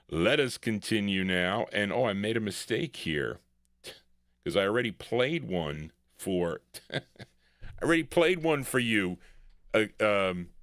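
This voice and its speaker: A man's voice: deep voice, a bit bright, no room sound, studio quality. An older man hosting a vintage record show, chatting casually and rambling with self-corrections. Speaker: radio show host. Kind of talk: casual DJ chat.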